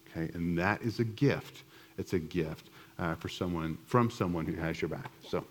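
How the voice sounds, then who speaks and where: A man's voice: sits low, normal speed. A middle-aged man giving a conversational church teaching, telling a self-deprecating personal story with many restarts.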